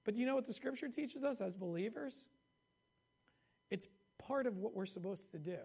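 A man's voice: high-pitched, animated, normal speed, creaky, a little mellow, slightly rough. A man preaching a sermon in a conversational way, reading scripture aloud and checking in with "okay?" and "right?". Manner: reads scripture aloud with rising emphasis.

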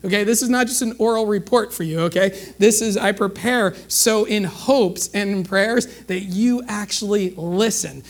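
High-voiced man preaching a lively sermon. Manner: conversational preaching, acts out dialogue, frequent "okay?".

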